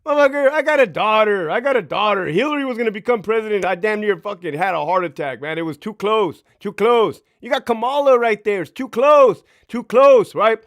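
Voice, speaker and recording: A man's voice: high voice, expressive, brisk, few pauses, a bit bright, dry recording, studio quality. Profane chatty man on a livestream. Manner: profane, boastful, laughing, addresses chat directly. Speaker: livestream host. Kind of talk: casual livestream chat reading comments. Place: home.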